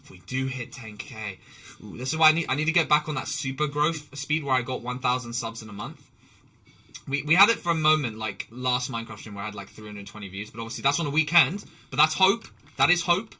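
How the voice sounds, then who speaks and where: A man's voice: mid-range voice, lively intonation, a little fast, pushed and bright, breathy edge. A man streaming live while playing a game, chatting in a rambling way with restarts, swearing and laughter. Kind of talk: casual live-stream chat while gaming.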